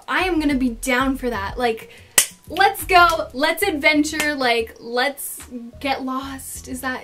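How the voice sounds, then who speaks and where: High-pitched and a bit bright, this teenage girl's voice carries a chatty get-to-know-me vlog. She tells her stories dramatically and leans heavily on the filler word "like."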